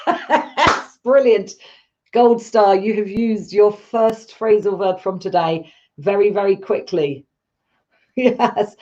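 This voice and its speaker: A woman's voice: mid-range voice, slow pace, a little mellow, highs cut off. A woman teaching a live online English lesson, patient and encouraging as she explains step by step.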